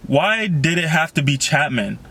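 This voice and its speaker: A man's voice: fairly high pitch, sing-song, moderate pace, gravelly, pushed and bright, slightly rough, heavily acted. A man reading the lines of a sarcastic, joking teenage boy from a novel. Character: wisecracking teenage boy, mocking.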